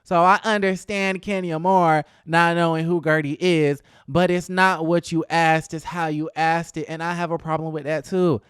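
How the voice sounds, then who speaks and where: A man's voice: on the high side, level tone, moderate pace, hardly any pauses, fairly bright tone, clean tone, no room sound, clean studio sound. A man hosting a gossip vlog, giving sassy, dramatic commentary on reality TV with playful asides. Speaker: celebrity gossip vlogger.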